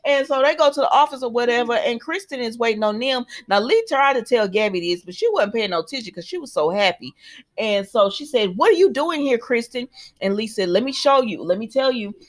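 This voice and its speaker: A woman's voice: fairly high pitch, lively intonation, fairly quick. A woman giving a casual, chatty recap of a soap opera episode. She keeps retelling the characters' lines in her own words. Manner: chatty retelling that slips into quoted dialogue, many fillers.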